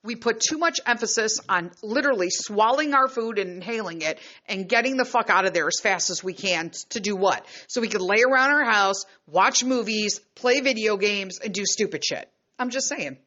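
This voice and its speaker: A woman podcaster from the United States telling a travel story in a blunt, profane, animated way. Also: medium pitch, moderate pace, hardly any pauses, lo-fi sound. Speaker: podcast host. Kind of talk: casual storytelling monologue.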